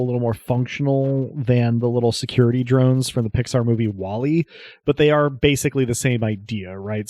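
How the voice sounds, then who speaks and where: A man narrating as game master of a tabletop game, often chuckling and pausing on fillers. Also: medium pitch, no echo. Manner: relaxed, chuckling, searching with many fillers.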